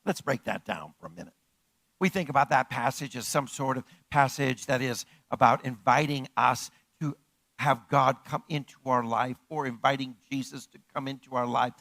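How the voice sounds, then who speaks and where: In a dry recording, a man preaches as pastor with a creaky, mid-range voice at a moderate pace. He goes over his points again and again, asks the congregation rhetorical questions, and swings between quiet, intimate lines and loud, forceful calls.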